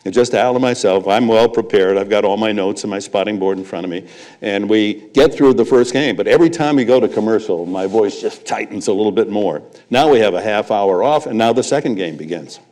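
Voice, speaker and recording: An older man shares stories as a guest at a live event. His voice sits a little low. He tells them like a seasoned raconteur, with a chuckle after each punchline. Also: brisk, a little mellow. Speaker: guest, veteran sportscaster. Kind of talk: storytelling anecdotes on stage. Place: live event before an audience.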